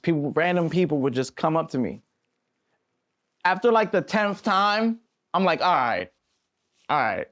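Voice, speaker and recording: A young male musician, guesting on a podcast, tells casual stories in an animated, slangy way, acting out the voices of the people in them. His voice is fairly high, and the studio-quality audio has no echo.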